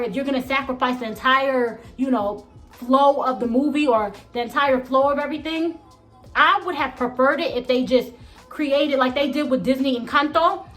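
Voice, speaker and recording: A woman's voice: high voice, a bit bright. A woman vlogger giving blunt, emphatic opinion commentary, often tagging points with "okay?".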